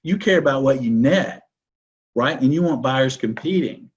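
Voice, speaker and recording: A man's voice: mid-range voice, lively intonation, normal speed, slightly rough. Man telling deal stories, lo-fi sound. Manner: assertive, explains with rhetorical "right?". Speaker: guest, commercial real estate broker. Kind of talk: conversational interview storytelling.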